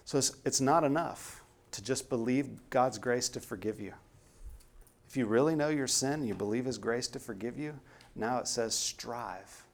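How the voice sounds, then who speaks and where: A man's voice: mid-range voice, normal speed. A man preaching a sermon in an earnest, emphatic way, pressing hard on key words.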